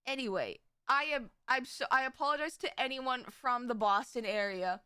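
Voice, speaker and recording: A young VTuber chats casually on her live stream, rambling and giggling and often pausing to correct herself. Her high voice has a sharp, clear, resonant tone and runs at normal speed with hardly any pauses; the studio-quality audio has no room sound.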